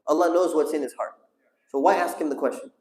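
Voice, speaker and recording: A sheikh with a fairly high, slightly mellow voice teaches a class at a quick pace, the recording echoing in a mosque hall. He delivers his religious lesson through storytelling, questioning the audience and calling on people to answer.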